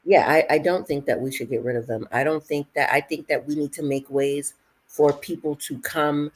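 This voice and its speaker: A woman in casual chat who tells lively stories, acts out what others said, and laughs often. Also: low-pitched, moderate pace. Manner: animated storyteller, acts out quotes, laughs often.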